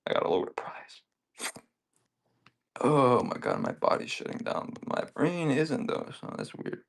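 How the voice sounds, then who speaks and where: A man's voice: mid-range voice, huge pitch swings, measured pace, vocal fry. A man selling consoles and games on a live auction stream, chatting casually in a profane, rambling, joking way.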